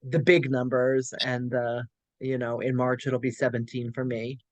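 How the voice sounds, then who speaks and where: A woman's voice: very deep voice, flat delivery, normal speed, darkish tone, dry recording. A woman hosting an interview and speaking as a fellow cancer survivor, in an earnest, encouraging way with frequent stammered repeats. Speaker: host, also a cancer survivor. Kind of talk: casual interview chat.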